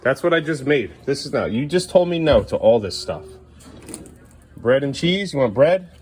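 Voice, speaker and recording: A man's voice: medium pitch, sing-song, a little fast, a little mellow, slight background noise. A man filming a casual home vlog, coaxing his kids along and talking to the camera. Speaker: parent vlogger. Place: family home kitchen.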